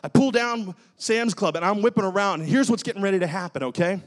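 A male pastor preaching and telling a story in an animated, dramatic way. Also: high voice, quick pace. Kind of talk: sermon with personal storytelling.

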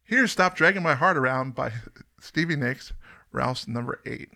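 A man's voice: medium pitch, animated, a little slow, gravelly, sharp tone. A man from the US East Coast hosting a song countdown podcast, chatting casually with jokey, rambling asides. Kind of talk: casual chat.

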